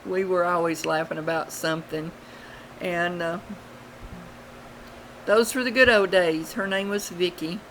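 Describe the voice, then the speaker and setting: A woman, telling childhood stories in a rambling, unhurried way with many fillers, recorded on a webcam at home. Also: fairly low pitch, fairly bright tone, slight background noise, low-quality recording. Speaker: vlogger. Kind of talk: casual storytelling.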